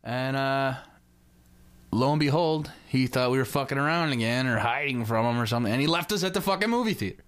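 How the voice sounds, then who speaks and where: A man's voice: mid-range voice, animated, brisk, fairly bright tone, smooth. A man, telling a rambling, profane story as a podcast co-host. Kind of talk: casual chat.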